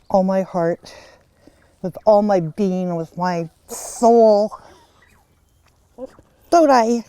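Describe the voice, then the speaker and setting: The recording is dry as a woman in her sixties, owner of a pig sanctuary, speaks at a medium pitch. Outdoors on her farm for a documentary, she talks casually, softly, and with heartfelt emotion.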